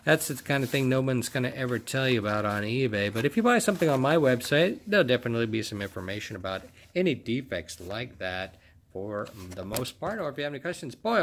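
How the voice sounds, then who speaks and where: A man hosting his own collecting video, giving casual, enthusiastic commentary while unboxing and inspecting toy cars. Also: medium pitch. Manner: enthusiastic, exclaims over each find.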